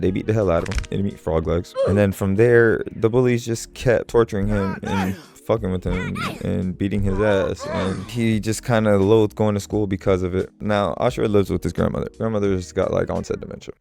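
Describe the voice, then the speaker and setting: Gravelly low-voiced man, laid-back and profane. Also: a little mellow. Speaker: manga reviewer. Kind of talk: casual plot recap and review.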